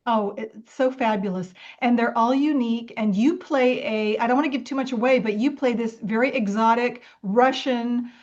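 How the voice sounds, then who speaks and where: A woman hosting a film podcast, enthusiastic and quick to laugh as she interviews her guest. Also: a little high, a little mellow. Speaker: podcast host. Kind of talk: casual interview chat. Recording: muffled lo-fi audio.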